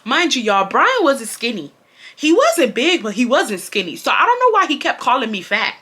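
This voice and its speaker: A young woman tells a school story straight to her audience. Her voice is bright and forceful. She talks in an animated, slangy, chatty way. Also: on the high side, moderate pace, slightly rough. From Houston, Texas. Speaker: storytime vlogger. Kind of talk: casual storytime chat.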